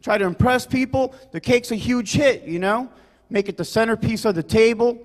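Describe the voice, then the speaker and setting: Loud high-voiced man doing stand-up. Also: normal speed, long reverb tail. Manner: loud, rambling, keeps saying "you guys" and "right?". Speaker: stand-up comedian. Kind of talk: stand-up set. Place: comedy club stage.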